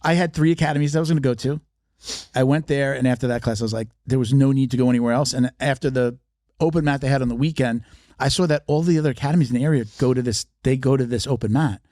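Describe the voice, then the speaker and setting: A man's voice: mid-range voice, fast, dark tone, dry recording, clean studio sound. A man who is a martial arts marketing expert, talking casually as a podcast guest and telling stories with emphasis and many restarts.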